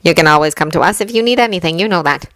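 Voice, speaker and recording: A woman's voice: on the low side, rapid-fire, fairly bright tone, dry recording, lightly acted. Woman doing a proper serious teen boy, earnest, dry close sound. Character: serious dutiful teenage class leader boy. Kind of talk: fanfiction reading.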